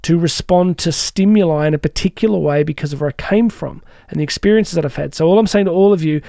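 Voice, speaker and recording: A man hosting a reflective podcast, talking through personal-growth advice in a relaxed coaching manner with frequent asides to the listener. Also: a little high, fast, vocal fry, no echo, clean studio sound. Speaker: host.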